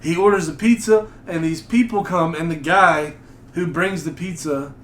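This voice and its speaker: A man's voice: on the high side, normal speed, slight background noise. A man co-hosting a podcast, chatting and joking in a laid-back way. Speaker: podcast co-host. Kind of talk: casual chat and storytelling. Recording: roomy echo.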